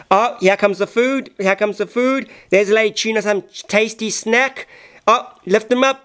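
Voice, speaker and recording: A man giving playful, excitable comic voice-over commentary. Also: sits high, normal speed, smooth. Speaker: voice-over narrator.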